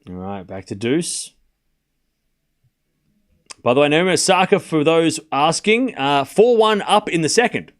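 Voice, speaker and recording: Lively chatty male tennis streamer. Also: on the high side, a little slow, long pauses. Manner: chatty, laughs often, talks to chat. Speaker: host. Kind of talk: live tennis watchalong commentary.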